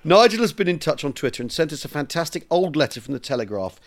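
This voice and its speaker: A man's voice: fairly high pitch, fast. A man co-hosting a podcast, telling stories with comic relish in a casual history chat. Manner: animated storyteller, reads aloud with comic relish. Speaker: podcast co-host.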